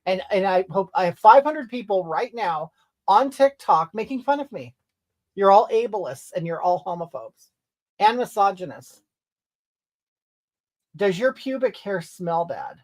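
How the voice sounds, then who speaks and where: Woman as brash middle-aged livestream gal, sassy and rambling, mid pitch, quick to take offense. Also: big pitch swings. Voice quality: sassy, rambling, keeps snapping "okay?" and "honey". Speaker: livestream comedy character. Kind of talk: character livestream reading comments.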